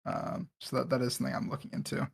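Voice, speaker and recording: A man's voice: mid-range voice, steady tone, quick pace, vocal fry, a little hiss or hum. A man, a developer, answering a question matter-of-factly on a voice call.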